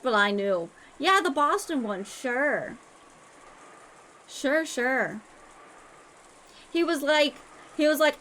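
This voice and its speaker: Young woman streamer, swears constantly, playful, slightly high voice. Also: animated, takes it slowly, pauses often, a bit bright, a little hiss or hum. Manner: crude, swears a lot, playful. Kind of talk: casual live-stream chat.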